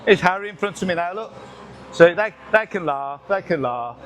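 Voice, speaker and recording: A man's voice: high voice, lively intonation, normal speed. A man, talking casually through a workout in a gym, joking, swearing and short of breath between reps. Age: 60s. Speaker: gym vlogger. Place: busy gym with music playing. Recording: gym music in background.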